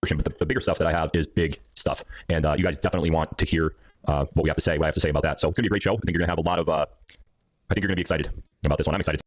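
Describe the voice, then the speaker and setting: A man hosting a livestream, excitedly greeting viewers and reading out where they are from, with sudden high-pitched exclamations. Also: very fast, dry recording, clean studio sound. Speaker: livestream host. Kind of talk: upbeat livestream chat, reading viewer locations.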